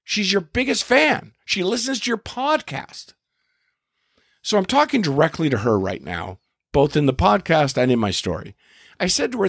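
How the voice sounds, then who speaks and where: Middle-aged man, comedian storyteller, lively voice, dry close sound, exasperated. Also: sits high, moderate pace, gravelly, husky, dry recording. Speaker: comedian and podcast host. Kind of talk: casual storytelling.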